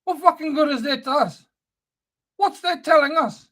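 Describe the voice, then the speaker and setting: High-pitched angry New ranter. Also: moderate pace, a bit bright. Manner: angry, profane, sneering. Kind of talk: spoken-word rant.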